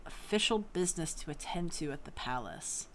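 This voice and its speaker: A woman narrating scenes calmly as game master of a tabletop game. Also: low-pitched, a little hiss or hum. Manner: measured, descriptive.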